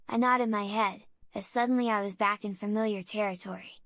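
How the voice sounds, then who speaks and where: A woman narrating a horror story in a steady, measured way. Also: mid-range voice, no room sound.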